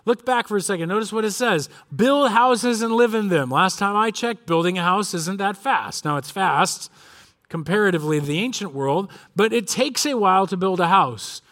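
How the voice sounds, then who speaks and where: Earnest high-voiced male pastor preaching. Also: normal speed, pushed and bright. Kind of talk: sermon.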